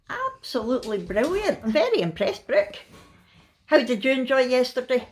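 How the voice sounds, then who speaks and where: A woman's voice: a little high, moderate pace. Tired, chatty Scottish woman vlogging from bed. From Scotland. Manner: chatty, laughs often, tired and relaxed. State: worn out. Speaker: family vlogger. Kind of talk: casual chatty vlog. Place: in bed at home.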